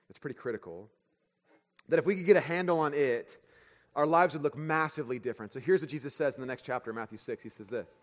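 A man's voice: a little high, in a large hall. A man preaching a sermon as pastor, conversational and joking, slipping into everyday voices to make his points.

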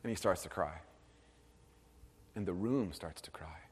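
A man in his thirties preaching a sermon, earnest, moving between hushed and animated storytelling. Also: low voice, unhurried, breathy edge. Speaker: pastor. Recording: hall with long reverb.

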